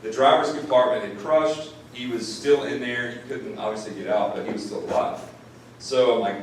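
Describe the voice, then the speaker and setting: A man's voice: mid-range voice, fairly even intonation, a little fast. A man who is a sheriff's deputy, telling an audience a first-person story in an earnest way, often repeating words when moved. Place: classroom or lecture hall. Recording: distant mic in an echoey room, faint noise.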